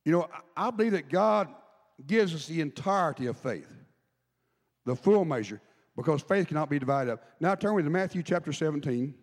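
High-voiced preaching man in echoing hall. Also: animated, brisk. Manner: conversational preaching, asks the congregation questions. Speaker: pastor. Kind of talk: sermon. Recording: long hall reverb.

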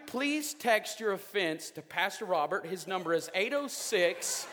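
Man, high bright voice, lively joking sermon style, echoing church hall. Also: measured pace, slight background noise. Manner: animated, joking, rising to loud outbursts. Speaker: preacher. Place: church sanctuary.

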